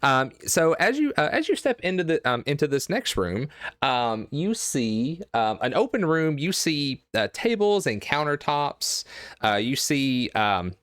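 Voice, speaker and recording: Brief: male game master, lively up-and-down delivery, smooth voice, halting with lots of ums. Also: fairly high pitch, dry recording, studio quality. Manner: halting, many fillers and restarts. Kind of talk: narrating a tabletop game live.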